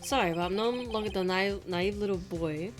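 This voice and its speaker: A woman voicing a cool, composed young male prosecutor who speaks in a measured, formal way, over game music. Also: medium pitch, lightly acted.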